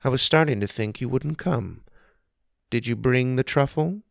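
A man voicing a twitchy, paranoid adult male chocolatier with fretful, high, strained speech. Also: normal speed, gravelly, no room sound, studio quality, natural voice. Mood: eager.

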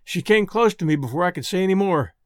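A man's voice: sits high, lively intonation, fast talker, dry recording, clean studio sound. A man narrating a story in the first person with a folksy, rustic way of talking.

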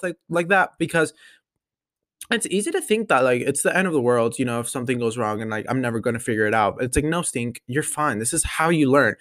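A nineteen-year-old man hosting his own podcast, chatting casually in a gushing way with lots of fillers and sudden excited jumps in pitch. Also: no room sound. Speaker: solo podcast host. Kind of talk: casual chat.

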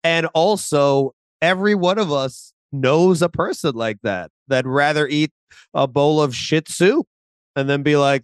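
A man's voice: on the high side, a little slow, clear, resonant tone, no room sound, clean studio sound. A man co-hosting a podcast, chatting casually and animatedly about a TV episode. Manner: animated, acts out quotes, laughs. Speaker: podcast co-host. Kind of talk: casual chat about a TV show.

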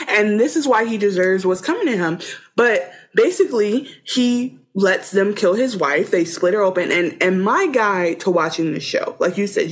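Animated woman podcast co-host. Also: mid-range voice, slightly rough. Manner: animated, acts out scenes in playful voices. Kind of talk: casual chat.

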